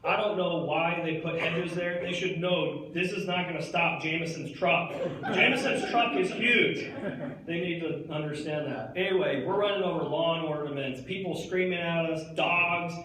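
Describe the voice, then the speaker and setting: A man's voice: a little high, normal speed, a crowd in the background. Rambling young man in an echoey hall. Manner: rambling slacker talk full of "like" and "dude". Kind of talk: comic stage monologue. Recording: echoey hall picked up from far off.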